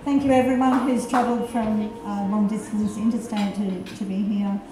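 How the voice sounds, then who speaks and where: A woman's voice: medium pitch, fairly even intonation, moderate pace, music in the background. A woman, mother of the bride, giving a tearful, gushing speech with laughs between lines. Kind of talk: emotional wedding speech. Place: wedding reception hall. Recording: echoey room, distant mic, noise.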